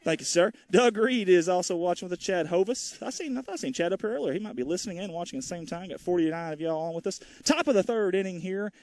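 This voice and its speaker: A man's voice: high-pitched, animated, fast, few pauses, a little mellow, dry recording. A man calling a local baseball game, chatty and joking, talking to viewers between plays and a bit out of breath. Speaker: play-by-play commentator. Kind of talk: folksy live baseball commentary. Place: outdoors at a small-town ballfield.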